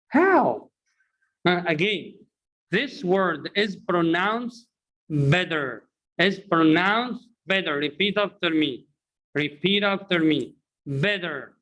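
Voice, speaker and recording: A man's voice: on the high side, a bit bright, poor audio. A man with an Egyptian accent whose first language is Arabic, teaching an English pronunciation lesson and repeatedly quizzing his viewers.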